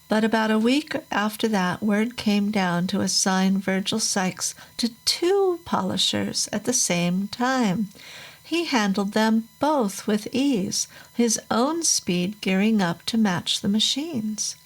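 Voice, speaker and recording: A woman reading a first-person horror story aloud in a measured, unhurried storytelling manner. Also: mid-range voice, animated, poor audio. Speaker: narrator. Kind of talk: scripted horror story narration.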